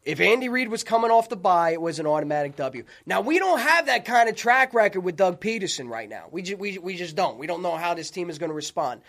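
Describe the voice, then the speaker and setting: High-voiced man ranting on sports radio. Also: a bit bright. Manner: profane, fired-up, rapid ranting. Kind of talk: heated sports talk radio rant.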